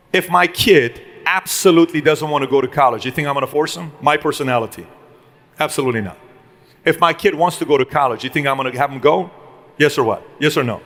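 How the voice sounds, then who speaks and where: Speaking to a live crowd, a man gives a forceful motivational business talk in a slightly bright voice that sits on the high side. He quizzes the audience and plays out dialogues himself.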